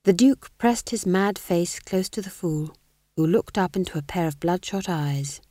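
A woman narrating a comic fantasy audiobook with expressive, measured storytelling. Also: lowish voice, dry recording, studio quality.

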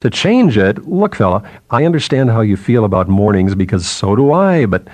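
A man voicing a deep-voiced middle-aged newspaperman who talks in a blunt, pushy way. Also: sing-song, moderate pace, a little mellow, no echo. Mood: impatient.

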